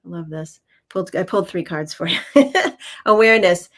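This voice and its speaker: A woman co-hosting a casual livestream as a card reader, speaking in a halting way with frequent ums and restarts. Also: on the low side, a bit bright.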